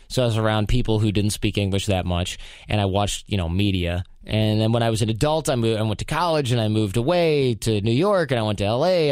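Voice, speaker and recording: A man from Michigan hosting a podcast, answering listener mail in a relaxed, reflective, conversational way. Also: lowish voice, clean tone, no room sound, studio quality. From Michigan, USA. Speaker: podcast host. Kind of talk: casual advice talk answering listener mail.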